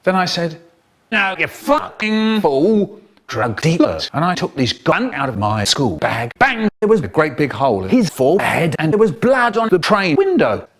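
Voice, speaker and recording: An older man reading a children's story aloud in a theatrical, expressive way, jumping into high squeaky voices for the characters and stretching words for effect. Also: a little fast. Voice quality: expressive, voices the characters with big pitch jumps. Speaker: storyteller in a spliced comedy edit.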